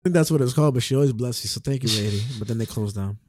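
A man's voice: mid-range voice, rapid-fire, a little mellow, no echo. Laid-back young man, rambling podcast chat. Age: young adult. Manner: laid-back, rambling, swears, laughs often. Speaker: podcast co-host. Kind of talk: casual chat.

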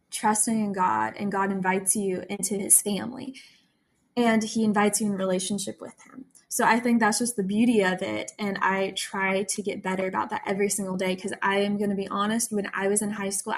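A young woman talks through her faith in a candid, confessional way, like a friend opening up. She is earnest and quick to laugh at herself. Her pitch sits in an ordinary middle range. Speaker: faith podcast host. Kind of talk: candid personal devotional talk.

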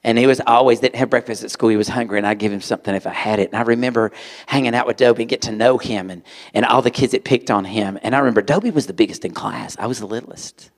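A man preaching to a live audience, telling a personal story in an animated way and acting out voices. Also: mid-range voice, quick pace. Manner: animated, acts out voices, sudden loud outbursts. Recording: long hall reverb.

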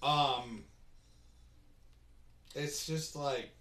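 Slow, halting man in his thirties. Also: medium pitch, fairly even intonation, a bit bright, roomy sound, a little hiss or hum. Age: 30s. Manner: hesitant, halting, trails off. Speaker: podcast guest. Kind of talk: casual podcast chat.

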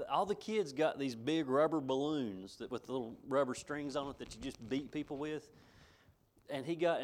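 A middle-aged man preaches to his church in a folksy, homespun way. He circles back over his phrases and chuckles between points. His voice sits at a medium pitch. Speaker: pastor. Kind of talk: sermon.

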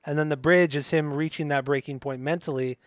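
A man co-hosting a casual music podcast, excitable and swearing a lot, often singing along. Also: fairly high pitch, fairly quick, no room sound. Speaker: podcast co-host.

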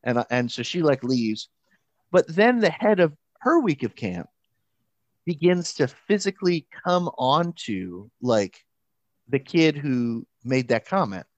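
A man telling a camp story in a casual chat, mid-pitched and close to the mic. He talks in an animated, halting way, restarting his sentences and slipping into quoted voices. The room is dry, with no echo. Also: dull audio. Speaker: pastor and camp counselor.

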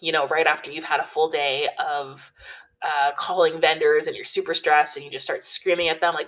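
Low-voiced woman giving chatty advice. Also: moderate pace, distant mic, rough recording. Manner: chatty and relaxed, with many fillers like "you know" and "like". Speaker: wedding planning advice vlogger. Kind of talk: casual advice talk to camera.

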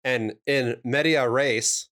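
A man with a medium-pitched, fairly bright voice speaks slowly with fairly even intonation. As a podcast co-host, he recaps episodes in a casual chat, offering explanations laced with dry humor, wry wordplay, and puns.

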